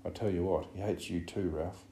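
A man's voice: deep voice, fairly even intonation, normal speed, mellow, a little hiss or hum, lightly acted. A man reading an audiobook, voicing an anxious, fussy schoolboy who pleads earnestly. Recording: roomy echo.

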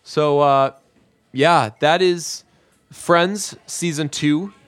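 Brief: man narrating a sitcom recap, casual, scene by scene, fairly high voice. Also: extremely slow. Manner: narrates scene by scene with many "uh" fillers. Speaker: episode recapper. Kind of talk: casual spoken retelling.

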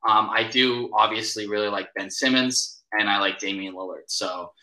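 A man's voice: on the low side, steady tone, moderate pace, pushed and bright, echoey room, poor audio. A man co-hosting a casual sports chat, hesitant and self-correcting with many ums.

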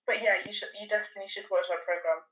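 A woman's voice: mid-range voice, very fast, lo-fi sound. A woman guest in a casual podcast chat, telling stories loosely with fillers. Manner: relaxed storytelling with fillers.

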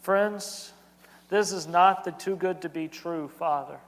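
An earnest man in his thirties delivers a sermon with a notably high voice. He preaches in a repetitive, building cadence, and his words ring out with a long reverb, as in a church sanctuary. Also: slow pace. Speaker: pastor.

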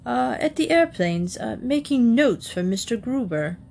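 Storybook: small polite bear, earnest and anxious, raised and unhurried, read by a woman. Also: fairly high pitch, expressive, vocal fry, a little mellow, slight background noise, voice pushed up.

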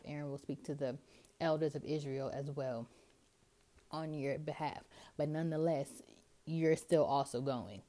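A blunt, slangy God who talks down a nervous prophet with emphatic insistence, as a woman puts him on. The voice sits low and mellow, with a relaxed warmth under the bluntness. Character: casual, blunt God speaking to a reluctant prophet.

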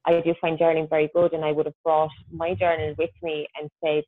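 A woman's voice: low voice, completely flat delivery, fast, dry recording. Woman, podcast guest, chatty and practical, over a thin phone line with a dry sound. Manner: chatty, practical, self-deprecating. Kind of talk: casual podcast chat.

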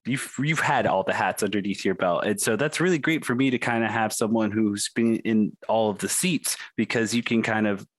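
A man's voice: lowish voice, moderate pace, hardly any pauses, no echo. A man hosting an interview, asking long rambling questions full of restarts. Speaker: interviewer host. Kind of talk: casual interview.

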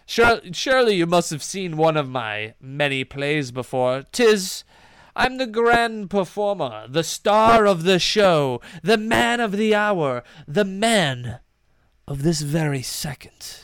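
A vain showman who declaims every line grandly, as a man puts him on. His pitch is raised and lively, and he swoops with loud, theatrical pride. It is a pompous tabletop-game character. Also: slow pace, clean tone, no echo, exaggerated voice. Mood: boastful. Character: pompous vain male actor, boastful showman.

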